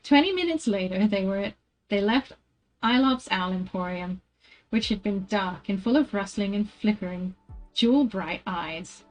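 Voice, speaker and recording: A woman reads a book aloud to her stream at an ordinary middle pitch. She often trips over a word, restarts and apologizes before carrying on. Faint music runs quietly in the background. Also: animated, normal speed, poor audio. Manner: stumbles over words, corrects herself and apologizes. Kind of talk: casual read-aloud on stream.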